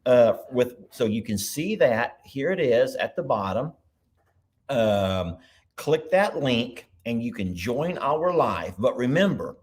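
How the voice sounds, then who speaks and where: Rambling, chatty man hosting a livestream. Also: medium pitch. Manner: rambling, chatty, thinks aloud. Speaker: livestream host. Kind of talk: casual live chat.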